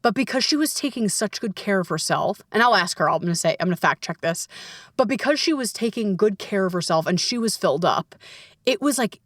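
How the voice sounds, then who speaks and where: A woman coach hosting a casual solo podcast, talking in a lively, playful way with frequent swearing and laughs. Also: mid-range voice, a little fast, dry recording, studio quality.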